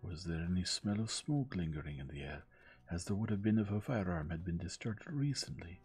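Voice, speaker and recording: A man reading gently, voicing a shrewd older male detective who speaks in a measured, formal way. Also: deep voice, animated, husky, faint music behind, pitched above the performer's own voice. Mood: probing.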